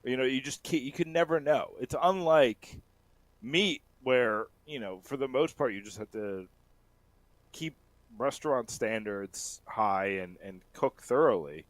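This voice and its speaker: A man's voice: mid-range voice, a little slow, dry recording. A man chatting casually as a co-host, telling a long, rambling story full of restarts and fillers. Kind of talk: casual chat.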